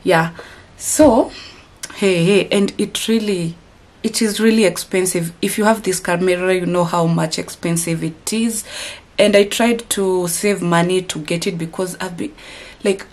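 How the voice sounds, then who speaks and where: A woman's voice: on the low side, steady tone, moderate pace. A woman from Kenya vlogging to her camera, upset and rambling with restarts. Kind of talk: casual vlog to camera. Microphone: camera mic.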